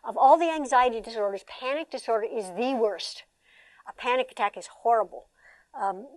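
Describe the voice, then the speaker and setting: A former therapist turned trainer, an older woman leads a workshop in a fairly high voice, animated and chatty, throwing rhetorical questions at her seated audience. The recording is dry and close, with almost no room echo.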